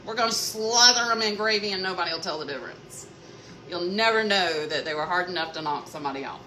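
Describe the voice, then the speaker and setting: A woman's voice: fairly low pitch, fast, bright, forceful tone. A woman, chatting casually with viewers while she cooks, telling stories and greeting people by name. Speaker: cooking vlogger. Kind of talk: casual live-stream chat while cooking. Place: home kitchen. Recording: noisy background.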